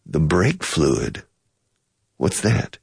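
A man's voice: very animated, drawn-out words, creaky, husky, dry recording, clean studio sound. A man giving a playful English lesson, acting out both sides of a conversation and explaining phrases with bits of Spanish. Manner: acts out both sides of a conversation, switching pitch. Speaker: English teacher.

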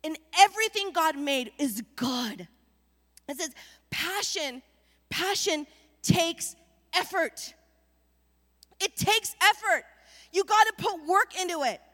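A woman pastor delivers an animated sermon and keeps calling the congregation to respond. Her voice sits high and carries a long reverb from a large church sanctuary. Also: takes it slowly, long pauses. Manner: animated preaching with call-and-response.

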